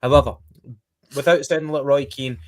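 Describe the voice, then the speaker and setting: Guy on a football podcast, lots of ums, gets animated going over the match. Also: mid-range voice, normal speed. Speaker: podcast co-host. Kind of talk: casual football chat.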